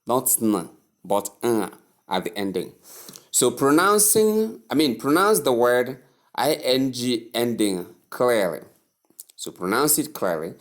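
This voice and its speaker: Slow, deliberate male pronunciation teacher. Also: medium pitch. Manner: repeats words slowly, drawn-out emphasis. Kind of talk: slow spoken lesson.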